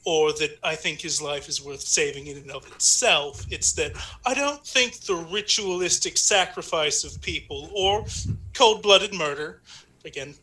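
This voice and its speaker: A man's voice: on the high side, unhurried, pushed and bright. A man playing a tabletop game, speaking sarcastically and swearing freely. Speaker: player.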